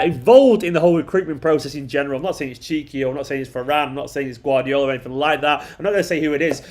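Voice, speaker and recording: A man rattles through a live football reaction at a rapid clip, in a fairly high voice. He is excitable and emphatic, repeating words for effect as he answers his viewers' comments. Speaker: football fan channel host.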